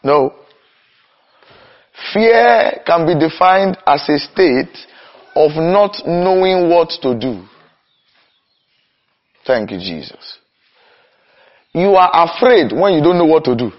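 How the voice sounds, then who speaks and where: Young guy preaching hard, slows way down then rushes, kinda muffled lo-fi sound. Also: a little high, animated. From Nigeria. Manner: impassioned, swings between slow emphatic cries and rapid runs. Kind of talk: sermon. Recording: dull lo-fi recording.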